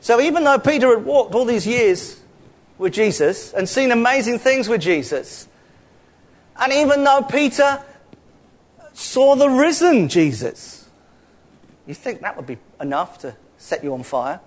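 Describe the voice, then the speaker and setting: A man's voice: very high voice, sing-song, a little slow, pauses often. A middle-aged man with a London accent giving a chatty, conversational sermon full of asides and rhetorical questions. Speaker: preacher.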